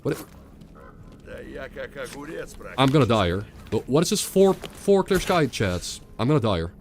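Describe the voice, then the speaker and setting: A man's voice: mid-range voice, big pitch swings, moderate pace, slight background noise. A young man streaming a video game, rambling and sarcastic, often repeating himself. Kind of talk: casual gameplay commentary.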